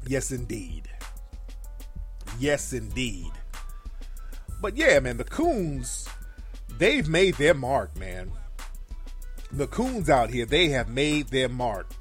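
A man's voice: mid-range voice, very animated, slow pace, long pauses, soft background music. A man hosting a call-in livestream show, delivering blunt, profane, emphatic commentary that repeats its key phrases for force.

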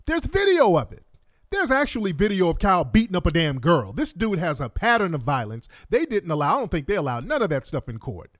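A man's voice: high-pitched, very animated, a little fast, no room sound, clean studio sound. Indignant, profane man reacting to a clip. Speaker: online commentator. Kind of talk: reaction commentary on court video.

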